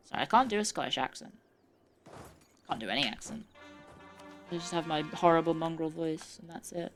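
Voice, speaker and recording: A woman's voice: low-pitched, animated, fairly quick, pauses often, soft background music. A woman streamer giving casual, chatty commentary while playing a strategy game, muttering to herself and swearing now and then.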